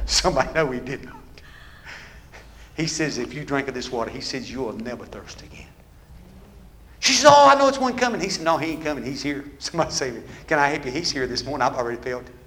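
A man preaching a sermon with call-and-response that builds into shouting. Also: mid-range voice, expressive, fast, slight background noise.

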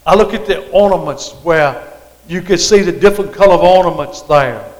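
A man's voice: fairly high pitch, moderate pace. A man preaching a rambling sermon, his voice swelling and dropping as he repeats himself. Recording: reverberant hall.

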